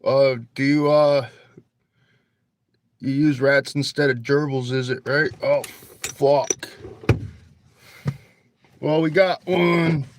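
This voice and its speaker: A man's voice: medium pitch, steady tone, slow pace, pauses often. A man hosting a casual phone livestream at night, laid-back and joking with viewers, cursing freely. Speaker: livestream host. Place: outdoors at night near a store parking lot. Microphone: phone camera.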